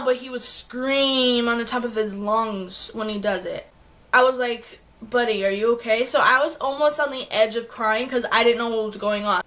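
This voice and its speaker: Bright-voiced young woman vlogger, rambling. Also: a little high. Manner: rambling, heavy use of "like" fillers. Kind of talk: casual storytelling to camera.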